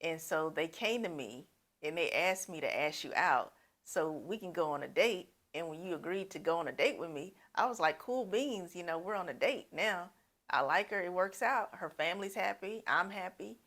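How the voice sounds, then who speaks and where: A woman's voice: fairly low pitch, expressive, moderate pace, fairly bright tone. A woman voicing a polite young man who went on dates with a lesbian, in an easygoing, apologetic way.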